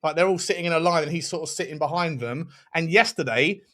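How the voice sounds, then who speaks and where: A fan-channel host with a somewhat high voice runs a live football watchalong, chatting over the match in an animated, excitable way, laughing easily and swearing often.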